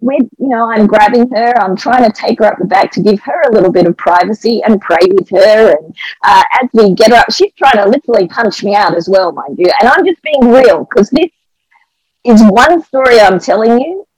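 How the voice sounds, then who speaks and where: A woman's voice: on the high side, animated, moderate pace, darkish tone, husky, no room sound, rough recording. A middle-aged Australian woman, the wife of a pastor, tells church stories in an earnest and emotional way, with a lot of animation. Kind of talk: testimony storytelling on a podcast.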